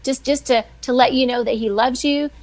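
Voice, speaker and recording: A middle-aged woman, a weekly guest who writes devotionals, telling faith stories in a chatty, animated way. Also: high-pitched, normal speed. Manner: chatty, animated, acts out quoted voices. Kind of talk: casual faith storytelling on a live show.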